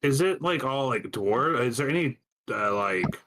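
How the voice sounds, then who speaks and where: A man's voice: medium pitch, lively intonation, unhurried, background noise. A man playing a tabletop game, asking lots of curious questions with many "like"s. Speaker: player. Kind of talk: casual tabletop game chat.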